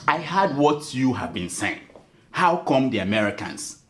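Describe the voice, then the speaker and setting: A man's voice: medium pitch, sing-song, measured pace, slight background noise. A man hosting a satirical late-night comedy show, laughing and mock-pompous as he talks.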